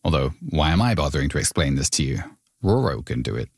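A man's voice: rumbling low, sing-song, quick pace, creaky, no echo, clean studio sound. A man hosting a podcast, narrating and chatting in a wry conversational way. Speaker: podcast host. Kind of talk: scripted narration and chat.

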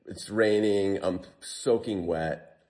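A man telling a long survival story in an interview, retelling what people said in lively bursts. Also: low-pitched, slow pace. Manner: animated retelling, quotes himself and others.

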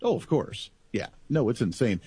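A man talking in a casual political talk show, animated and rambling in long stretches. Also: mid-range voice, normal speed, husky, dry recording.

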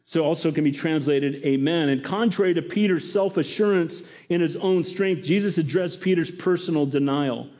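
Man, sermon, fairly high voice, lively, questions to the congregation. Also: normal speed, hardly any pauses. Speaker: pastor.

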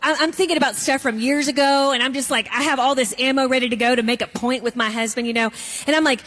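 A woman tells a lively story to a live crowd and keeps turning to the listeners with asides. Her voice sits a little on the high side. It rings with the long echo of a large hall. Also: fast. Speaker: speaker at a church or marriage event. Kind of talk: storytelling talk to a live audience.

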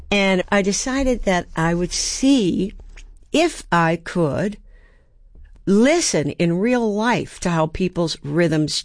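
A woman's voice: lowish voice, no room sound. Older woman telling stories, dry close sound. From Baltimore, USA. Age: 70s. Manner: thoughtful, acts out quoted voices and rhythms. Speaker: actor and playwright, guest. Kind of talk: reflective interview storytelling.

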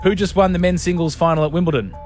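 A man hosting a radio quiz, teasing his co-host and reading questions briskly. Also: sits high, darkish tone, faint music behind.

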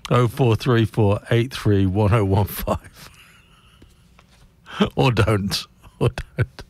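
A man's voice: fairly low pitch, slow, darkish tone. A man hosting a radio breakfast show, chatting casually and rambling in a self-deprecating way. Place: radio studio. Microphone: close studio mic.

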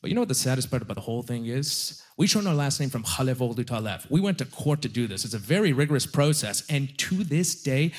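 A male stand-up comedian from Halifax, performing an animated, wisecracking set that is full of "like" and "you know.". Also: medium pitch, quick pace, hardly any pauses. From Halifax, Nova Scotia, Canada. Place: comedy stage before a live audience.

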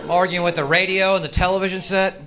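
A middle-aged stand-up comedian rants profanely in a slightly high voice. He keeps mocking himself, heavy on the swearing. Crowd laughter keeps breaking over his set. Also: level tone, quick pace. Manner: profane, ranting, self-mocking. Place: comedy stage. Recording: live club set with audience laughter.

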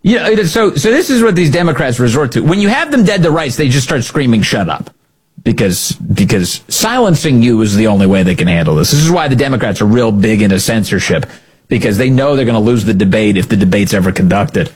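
Husky-voiced sarcastic male commentator. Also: fairly low pitch, very animated, quick pace, darkish tone, rough recording. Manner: mocking, sarcastic. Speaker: political commentary host. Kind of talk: opinionated commentary.

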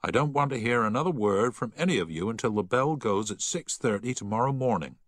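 A man voicing a kind, steady senior schoolboy prefect who speaks gently but firmly. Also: lowish voice, fairly quick, no room sound, studio quality, pitched above the performer's own voice.

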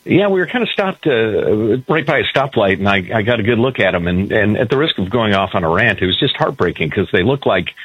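A man's voice: fairly low pitch, animated, a little fast, hardly any pauses, slightly rough, dry recording. A male co-host calling in by phone from a port while on vacation, chatting wryly and sliding into a sardonic rant. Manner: wry, sardonic, breaks into a rant. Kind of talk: casual chat. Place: outdoors by a port. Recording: tinny phone line.

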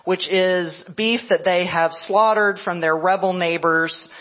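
A woman's voice: fairly low pitch, fairly even intonation, slow pace, fairly bright tone, highs cut off. A woman history professor giving a conference lecture, telling a story in a conversational way.

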